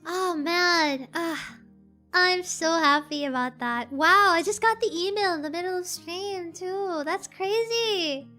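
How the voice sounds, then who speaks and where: Squealing, very high-voiced woman streamer. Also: slow pace, soft background music. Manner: gushing, squealing with excitement. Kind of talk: casual livestream chat.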